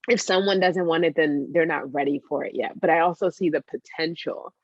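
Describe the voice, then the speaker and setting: A woman coaching client, hesitant and searching for words, with many pauses and fillers. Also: sits low, dry recording, highs cut off. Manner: hesitant, many ums and likes, emotional. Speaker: coaching client, joy strategist for working moms. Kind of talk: role-play then open reflection.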